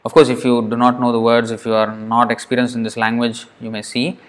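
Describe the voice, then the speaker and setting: A man's voice: mid-range voice, completely flat delivery, fairly quick. A man giving a devotional scripture class in an earnest way, often repeating words for emphasis. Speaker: lecturer.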